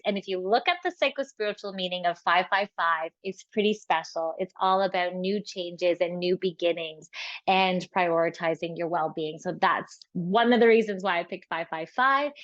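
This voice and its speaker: A woman's voice: mid-range voice, no room sound, lo-fi sound. A woman hosting an online course open house in a casual, encouraging way, with many fillers and restarts. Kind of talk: casual webinar walkthrough.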